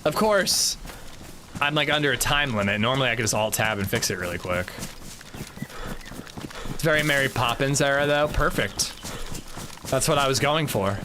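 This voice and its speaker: Joking American streamer over game noise. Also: male voice, mid-range voice, a little fast, pauses often. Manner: joking, chatty, reading and answering chat. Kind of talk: casual gaming livestream chat.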